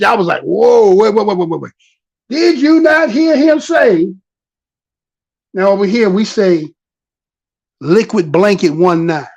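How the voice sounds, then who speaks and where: A man giving casual vlog commentary on news clips, animated, repeating himself and firing off rhetorical questions. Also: high voice, creaky.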